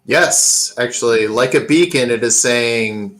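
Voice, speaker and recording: A game master narrating a tabletop game in a relaxed, filler-heavy way. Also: medium pitch, a little slow, soft background music, low-quality recording.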